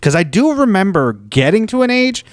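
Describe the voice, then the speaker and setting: A man in his thirties jokes around on a podcast, teasing his friends with quick interjections. His voice sits in a middle pitch and is recorded dry and close, with no room sound at all. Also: sing-song, dry recording. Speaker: podcast co-host. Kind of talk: casual podcast banter.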